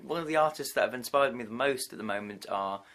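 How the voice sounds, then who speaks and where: A man who is a singer-songwriter guest, giving hesitant, halting interview answers over a video call. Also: medium pitch. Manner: hesitant, halting, trailing off quietly.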